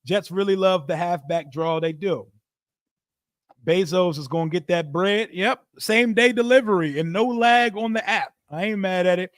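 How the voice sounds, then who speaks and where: At normal speed, a high-pitched man hosts a live football watch stream, calling plays and reading chat out loud. His casual reaction and play-by-play is loose, profane and jokey, and the recording is dry and studio quality.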